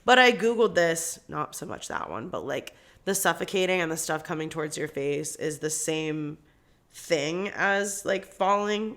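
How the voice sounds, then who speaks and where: A woman co-hosting a casual podcast, telling a story in an animated way and laughing often. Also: low voice, vocal fry. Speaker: podcast co-host. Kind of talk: casual chat.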